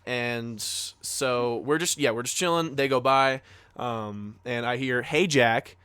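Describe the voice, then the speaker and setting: A man's voice: mid-range voice, slow, sharp tone. A young man co-hosting a casual podcast, telling a story to friends in a rambling, profane way full of fillers and acted-out quotes. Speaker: podcast co-host.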